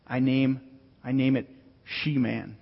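An excited, awestruck first man, as a preacher acts him out exclaims in a slightly raised, husky voice. The audio is a bit dull, with long echo from a large hall. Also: mid-range voice, takes it slowly, heavily acted. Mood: awed. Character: Adam, first man, overjoyed and amazed.

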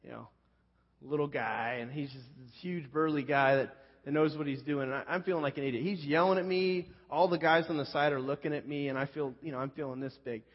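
A man's voice: fairly high pitch, fairly even intonation, fairly quick. A man telling a personal story as a pastor in a sermon, talking in a loose, conversational, self-deprecating way full of fillers. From California Central Coast. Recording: muffled sound with long hall reverb.

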